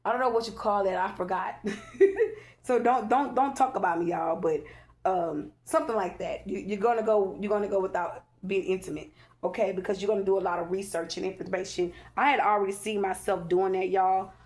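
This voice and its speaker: A woman talks through a tarot reading in a loose, preachy way. She repeats herself for emphasis and keeps checking in with "okay?". Her voice sits at an ordinary middle pitch. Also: steady tone, a little fast, a little mellow. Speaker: tarot reader. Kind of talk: casual spiritual tarot reading.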